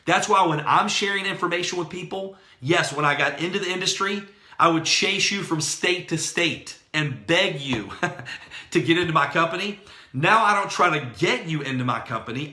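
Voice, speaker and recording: A middle-aged man giving an energetic, storytelling motivational sales talk. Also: fairly high pitch, roomy sound. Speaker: network marketing trainer.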